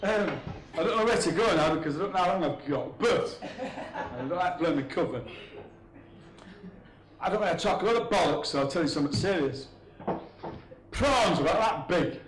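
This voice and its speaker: A stand-up comedian tells rambling, crude jokes on stage at a comedy venue, chuckling at his own punchlines in front of a live audience. His voice sits high and is expressive, at normal speed with long pauses. The recording has a little hiss or hum, an echoey room and crowd laughter.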